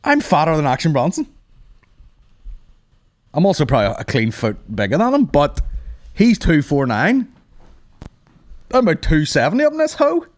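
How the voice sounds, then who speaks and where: Male comedy podcast host, rambling and profane, pitch bouncing all over, dry close sound. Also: huge pitch swings, moderate pace, long pauses, no room sound. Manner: profane, rambling, laughs at his own jokes. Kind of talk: casual comedic rant.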